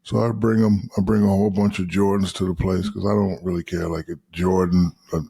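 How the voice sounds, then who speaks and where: Podcast guest, man in his fifties, very low gravelly voice, loose and profane. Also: a little fast, no room sound. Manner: profane, animated storytelling with quoted asides. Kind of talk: casual storytelling.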